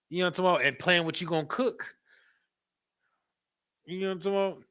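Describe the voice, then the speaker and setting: A man leads a class in a loose, preaching style, repeating himself and checking in with the room. His voice sits fairly high and rings bright and forceful, and he laughs often as he talks. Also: fast talker, long pauses, clean tone. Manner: animated, repetitive, frequent asides to the audience; laughs often while talking. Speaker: class teacher.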